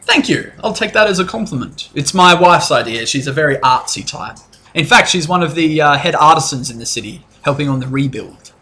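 A man's voice: a little high, animated, brisk, pushed and bright. A man voicing a casual, friendly male city official who confides in his guests. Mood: welcoming.

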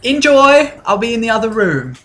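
A man's voice: big pitch swings, moderate pace, a bit bright, full character voice. A man voicing a bubbly, artsy young noblewoman who gushes over her guests. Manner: gushing, high-pitched hospitality.

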